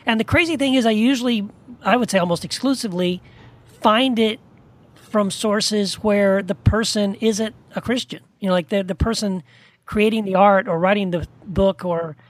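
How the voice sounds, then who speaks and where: A man's voice: high voice, normal speed, no echo. A man co-hosting a podcast, talking about faith in an earnest, rambling way with many restarts. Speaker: podcast co-host. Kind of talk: casual faith discussion.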